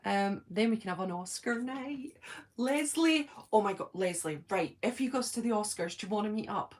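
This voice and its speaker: A middle-aged Scottish woman hosts a casual live stream and chats to her viewers. She is giggly and self-deprecating, with plenty of ums and quick asides. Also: medium pitch, expressive. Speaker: host of a fan live stream. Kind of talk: casual live-stream chat, reading comments.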